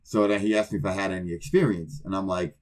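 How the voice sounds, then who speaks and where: A man's voice: low-pitched, steady tone, fast talker, a little mellow. A man co-hosting a podcast, casually telling a rambling, profane story and acting out both sides of old conversations. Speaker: podcast co-host.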